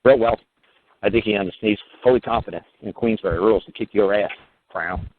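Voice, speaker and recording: A man's voice: lowish voice, a little fast, slight background noise. A man telling a courtroom story in a casual, profane, emphatic monologue, sometimes raising his voice to mimic others. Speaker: radio talk host. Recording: tinny phone-line audio.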